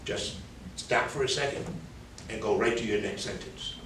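A public speaking instructor with a New York accent and a lowish, slightly bright voice critiques his class at a moderate pace, candid and conversational, mimicking filler words as he fixes them. A distant mic picks him up in an echoey room, with a little hiss or hum.

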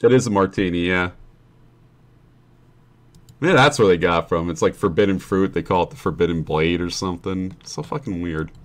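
Young man, streamer, casual gaming chat, rambling, profane, sarcastic, fairly low pitch. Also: moderate pace, pauses often. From New Jersey family.

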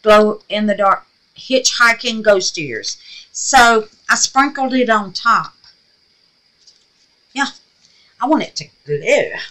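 A woman's voice: mid-range voice, animated, slow, long pauses, sharp tone. A woman with a slightly scratchy voice, chatting casually and gushing as she walks viewers through a craft project. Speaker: resin craft vlogger. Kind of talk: casual crafting tutorial chat.

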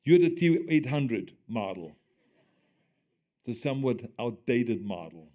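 An older man with a German accent, a guest telling stories on stage in conversation, animated and often laughing as he quotes others. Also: mid-range voice, slow pace.

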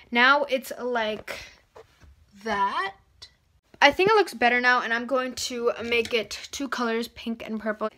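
A woman's voice: fairly high pitch, pushed and bright, a little hiss or hum. A teenage girl chatting casually in a vlog on a handheld phone, bubbly and slangy. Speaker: vlogger. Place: home and stores, filmed on the go.

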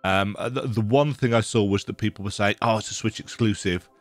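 A low-voiced man with a stuffy, congested nose from a cold. He rambles through his reaction to a game trailer and restarts his sentences as he thinks aloud. Soft music plays faintly underneath. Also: fairly quick. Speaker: gaming video creator. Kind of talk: casual reaction commentary.

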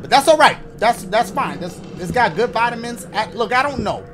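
Lively, high-voiced joking gamer man. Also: normal speed, hardly any pauses, background noise. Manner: joking, profane running reactions, yelps when startled. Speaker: gaming channel host. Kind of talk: casual let's-play commentary.

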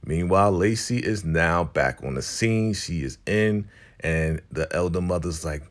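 A man giving a casual, animated recap of a TV episode, laughing often as he tells it. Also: deep voice, measured pace. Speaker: recap vlogger.

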